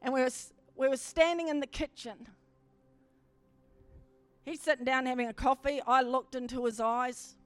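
A woman preacher telling a story in a sermon, building to emphatic, forceful swells as she preaches. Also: high voice, fairly even intonation, moderate pace, pauses often, clean tone, no echo, faint music behind.

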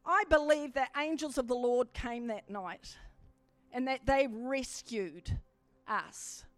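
High-voiced woman preaching a testimony. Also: slow, no room sound, faint music behind. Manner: animated storytelling that swells into fervent exhortation. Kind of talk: sermon testimony.

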